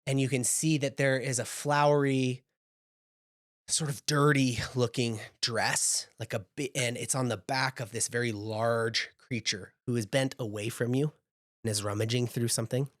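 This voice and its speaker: A male game master narrating a tabletop game in an unhurried, descriptive way, dropping in casual asides as he sets each scene. His voice sits in a middle register and is recorded dry and close, with no room sound. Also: mid-range voice, fairly even intonation, no echo.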